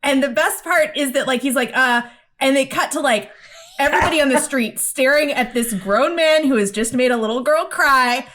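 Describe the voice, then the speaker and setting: A woman with a fairly high voice co-hosts a casual podcast. She retells cartoon scenes with lively energy, slipping into playful voices for each quoted character. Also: moderate pace. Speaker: podcast co-host. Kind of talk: casual chat recapping a cartoon.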